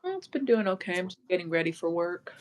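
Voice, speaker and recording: A woman in her thirties chatting casually, unhurried and trailing off mid-thought. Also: lowish voice, very animated, darkish tone. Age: 30s. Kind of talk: casual chat.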